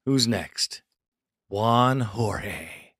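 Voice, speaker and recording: A man hosting a sports fan call-in show, excitable, often laughing and calling callers brother. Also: lowish voice, very slow, no room sound, studio quality. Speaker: podcast host.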